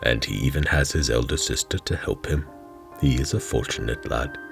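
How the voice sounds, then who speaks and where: A towering, mysterious old stranger, voiced by a male reader, speaks slowly and evenly in a cavernous low voice. A strange lilt runs through his words, roughened by gravel. Soft music hums beneath the storybook reading. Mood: calm. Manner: calm, even, with a strange lilt.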